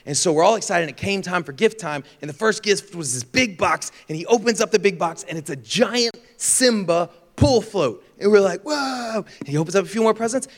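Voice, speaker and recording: A young man preaching a sermon, telling a funny childhood story with lively shouts and gasps, then turning reflective. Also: sits high. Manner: animated storyteller, acts out scenes with shouts and gasps. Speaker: pastor. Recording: long hall reverb.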